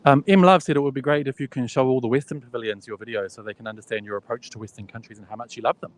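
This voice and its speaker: A man's voice: mid-range voice, fairly even intonation, rapid-fire. A man giving a casual live walking tour of a huge indoor expo hall. He chats, laughs easily and thinks aloud while filming on a handheld phone. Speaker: vlogger touring an expo.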